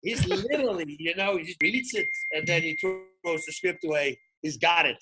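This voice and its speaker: A man, a retired fighter turned commentator, telling animated stories as a podcast guest and acting out the dialogue. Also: on the high side, normal speed, over music. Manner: excitable, acts out quoted dialogue, frequent restarts. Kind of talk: animated storytelling in casual chat.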